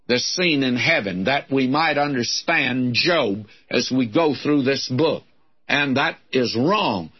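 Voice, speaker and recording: A man's voice: medium pitch, breathy edge. A man giving a verse-by-verse Bible teaching in a folksy, wry, conversational manner. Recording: dull lo-fi recording.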